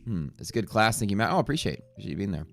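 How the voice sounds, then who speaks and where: A man's voice: fairly low pitch, very animated, rapid-fire, gravelly. A man hosting a casual livestream from his home streaming room, greeting viewers by name and joking as he rambles. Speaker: livestream trading host.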